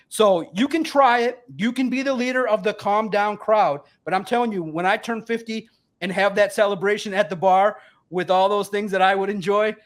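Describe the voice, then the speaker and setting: Guy in his 40s, sports writer on a podcast, keeps hammering the same point, pitched up. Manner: emphatic, ranting, repetitive. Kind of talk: heated sports debate.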